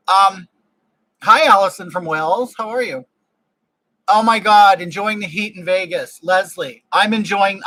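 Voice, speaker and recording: A man hosts a casual home livestream and greets viewers in a gushing, exclamatory way. His voice sits high and sounds bright. The microphone catches it close and dry. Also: no room sound, rough recording. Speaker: livestream host. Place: home room with air conditioning. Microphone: desk microphone.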